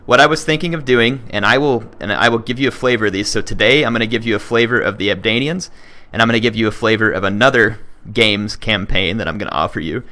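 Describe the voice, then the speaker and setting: Man, gaming video host, earnest rambling chat, low-ish bright voice. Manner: earnest, rambling, many restarts. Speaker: gaming YouTuber. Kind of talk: casual talk to viewers.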